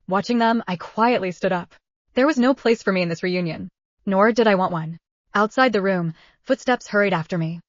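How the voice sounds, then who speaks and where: A woman's voice: mid-range voice, normal speed, no echo. Woman narrating a story, dull dry sound. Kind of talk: scripted first-person story narration. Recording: dull, dry close recording.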